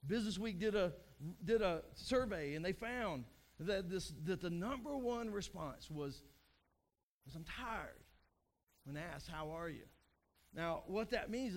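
A high-voiced pastor in his thirties with young kids delivers a conversational sermon. He repeats phrases and acts out weary, frustrated speakers.

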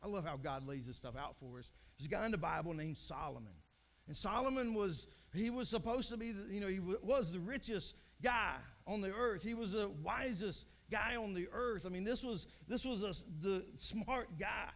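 Man, pastor, high voice, conversational sermon, repeats himself, acts out tired people. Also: moderate pace, a bit bright.

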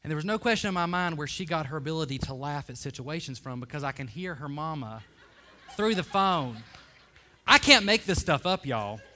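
A man's voice: a little high, expressive, brisk, sharp tone. A man preaching a sermon, telling a funny personal story with self-deprecating asides to the congregation.

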